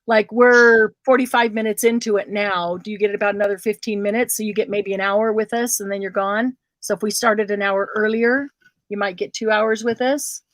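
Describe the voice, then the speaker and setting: A woman's voice: mid-range voice, steady tone, normal speed, no room sound. A woman hosting a casual craft livestream, chatting with viewers and calling them by name.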